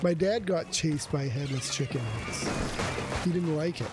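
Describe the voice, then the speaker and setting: A man's voice: on the high side, normal speed. A man streaming a game and chatting casually with viewers, laughing often as he tells stories. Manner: chatty, laughs often, talks softly to his cat. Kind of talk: casual livestream chat while gaming. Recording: game music playing behind.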